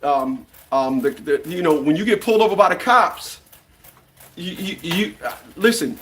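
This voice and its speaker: A man's voice: high-pitched, animated, moderate pace, fairly bright tone. A man in his fifties delivering a blunt, profane opinion rant, often stumbling and repeating words as he restarts. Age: 50s. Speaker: commentary channel host.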